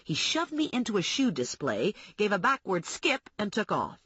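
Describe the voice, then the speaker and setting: A woman narrating an audiobook in the first person, wry and brisk, with slightly husky speech on a slightly dull recording. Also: mid-range voice, sing-song, fairly bright tone, no room sound.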